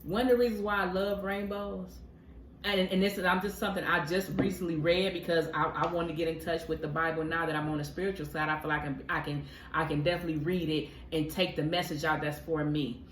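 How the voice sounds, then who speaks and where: A woman's voice: low-pitched, little pitch movement, fast. Emphatic woman in an echoey room. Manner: emphatic, preacherly, addresses listeners as honey. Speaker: podcast co-host. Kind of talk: casual heartfelt chat. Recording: echoey room with faint noise.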